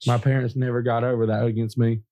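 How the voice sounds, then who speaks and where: A man in his seventies co-hosting a podcast, telling animated stories in casual chat and laughing often. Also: mid-range voice, fast talker. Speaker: podcast co-host.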